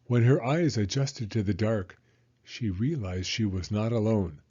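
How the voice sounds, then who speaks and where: A man reading a children's picture book aloud in an expressive, animated storytelling manner. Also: fairly low pitch, a little slow, slightly rough, dull audio. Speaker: storybook reader.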